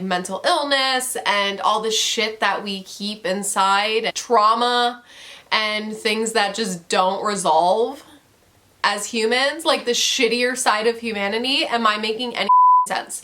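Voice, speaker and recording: A woman's voice: fairly high pitch, sharp tone. A young woman casually reviewing a book, rambling and candid, swearing and laughing often.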